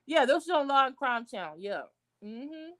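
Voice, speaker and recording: Outspoken, high-pitched woman venting. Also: normal speed. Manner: blunt, outraged and profane; animated, with sudden high outbursts. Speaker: vlogger. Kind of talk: casual livestream commentary.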